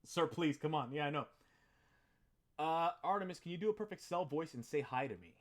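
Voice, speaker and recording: A young man streaming live, chatting loosely with viewers in an excitable, rambling way and swearing freely. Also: on the high side, a little fast. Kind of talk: casual live-stream chat.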